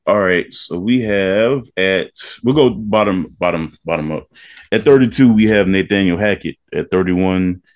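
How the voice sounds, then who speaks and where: A man co-hosting a podcast in casual chat, reading out a long ranked list in an easygoing, steady drone. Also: sits low, moderate pace. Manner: laid-back, reads a list in a steady drone. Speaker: podcast co-host.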